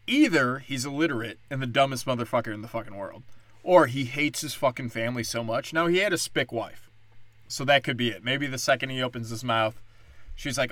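A young man with a bright, forward voice tells long, profane stories in a loose, rambling way. His sound is dry and close to the mic. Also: mid-range voice, fairly quick, no echo. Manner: profane, rambling, animated storytelling. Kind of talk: casual storytelling rant.

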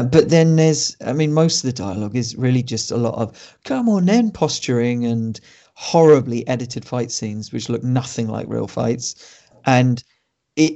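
Gravelly man, dry film podcast talk. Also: medium pitch, mellow. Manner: dry, sardonic, many ums and pauses. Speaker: podcast co-host reviewing films. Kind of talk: casual film review chat. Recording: dull lo-fi podcast audio.

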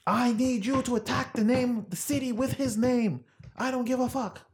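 A man putting on a ranting German dictator with a deliberately bad German accent. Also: very high voice, fairly even intonation, a little hiss or hum, voice pushed up.

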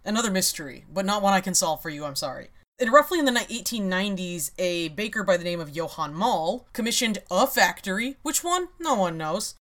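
A woman's voice: medium pitch, big pitch swings, brisk, hardly any pauses, a bit bright. A woman hosts a casual podcast chat. She explains her topic in a wry, rambling way, with frequent laughs. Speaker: podcast host.

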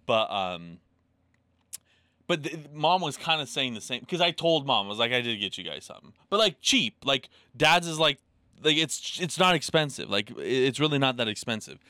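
A man's voice: mid-range voice, very animated, normal speed, pushed and bright, dry recording. A man in his thirties co-hosting a podcast, telling a family story in a rambling, profane, casual way with lots of filler words. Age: 30s. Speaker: podcast co-host. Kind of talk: casual chat.

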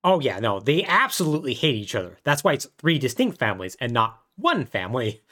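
A man chatting casually on a podcast, walking through a story beat by beat. His pitch swoops up and down a lot as he talks. He keeps dropping into quick voices for the characters. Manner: animated retelling, acts out characters' lines in quick voices. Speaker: podcast co-host. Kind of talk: casual plot recap.

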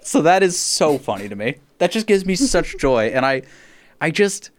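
Podcast host, male, lively pitch, profane laughing rants, dry sound. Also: moderate pace, dry recording. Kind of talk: casual chat.

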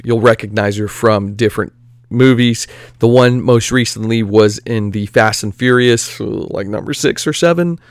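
A man giving casual, rambling commentary on superhero movies, excitable and full of asides and fillers. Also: medium pitch, dry recording, studio quality.

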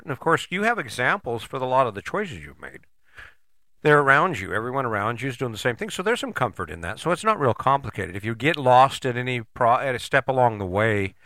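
A man's voice: medium pitch, pushed and bright, no echo, studio quality. A middle-aged man giving a casual, rambling motivational monologue as a podcast host, folksy and casually swearing.

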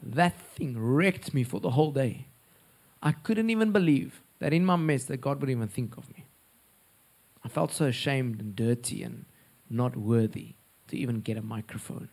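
A man with a South African accent preaching a sermon, telling stories in an earnest, expressive way. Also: mid-range voice, moderate pace, breathy edge.

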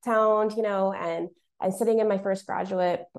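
A woman's voice: mid-range voice, steady tone, moderate pace, darkish tone. Chatty woman hosting a panel chat. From US Midwest. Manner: chatty, many fillers and restarts. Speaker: discussion host. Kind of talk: casual panel conversation.

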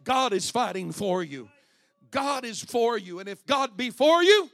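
High-voiced man preaching with fervor. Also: big pitch swings, measured pace. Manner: impassioned preaching that swings between loud and hushed; reads scripture aloud and calls out to the congregation. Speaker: pastor. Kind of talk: sermon.

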